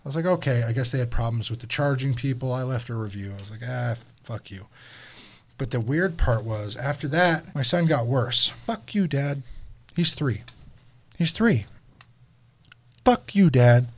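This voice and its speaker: A man's voice: mid-range voice, normal speed. A young man casually telling a story as a podcast host, profane and exasperated, acting out his retelling.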